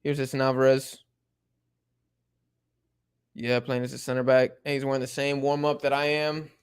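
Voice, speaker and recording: A young man casually chatting through a live football watch-along, reading and answering chat in relaxed slang. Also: mid-range voice, normal speed, clear, resonant tone. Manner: laid-back slang-heavy chatter, many fillers.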